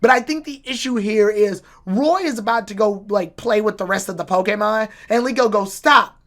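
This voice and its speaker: A woman's voice: medium pitch, brisk. A woman giving a casual, rambling and opinionated episode review with swearing and restarts. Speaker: anime reviewer.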